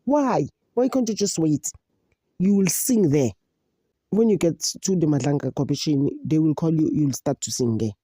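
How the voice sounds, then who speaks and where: A South African woman hosting a casual gossip vlog. She mixes English with Zulu and talks in an animated, mocking way. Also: sits low, normal speed, husky. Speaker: commentator on a gossip channel.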